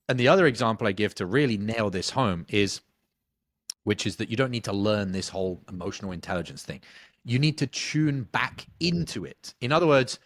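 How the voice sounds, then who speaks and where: A man, a sales coach answering interview questions bluntly, swearing casually and telling animated stories. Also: mid-range voice, dry recording.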